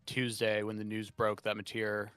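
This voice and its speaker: A man co-hosting a podcast in casual chat, playful and quick to laugh. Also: fairly low pitch, completely flat delivery, a bit bright, clean tone, faint music behind. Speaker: podcast co-host.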